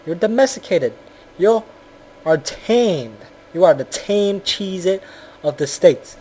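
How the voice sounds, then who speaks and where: A man's voice: sits high, animated, slow pace, a little mellow, a little hiss or hum. Blunt, profane man ranting about a game. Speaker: video game reviewer. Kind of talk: casual profane game commentary.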